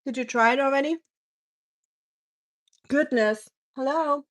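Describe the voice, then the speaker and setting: A woman's voice: high-pitched, measured pace. A woman from Germany with a German accent, chatting casually on a cooking live stream and reading viewer comments aloud.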